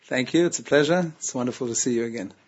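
A man's voice: mid-range voice, quick pace, slightly rough, lo-fi sound. A man with a South African accent, a rabbinic administrator answering interview questions earnestly, with many "you know"s and "um"s.

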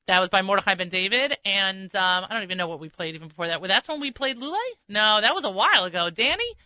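A woman's voice: mid-range voice, animated, fast, bright, forceful tone, no echo. Woman radio host, chatty and self-mocking, vivid, cutting voice, dry, slightly muffled broadcast sound. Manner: chatty, trips over words, self-mocking. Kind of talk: casual radio chat. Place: radio studio.

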